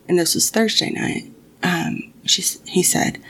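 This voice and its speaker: A woman's voice: on the low side, fairly even intonation, unhurried, husky. A young woman telling a personal story casually, swearing often and restarting her sentences. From Mexican family.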